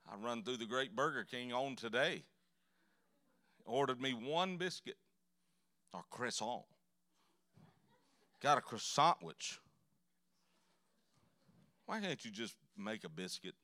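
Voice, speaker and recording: A man's voice: mid-range voice, sharp tone, no echo, studio quality. A man preaching a sermon in a church, telling folksy, joking stories. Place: church sanctuary.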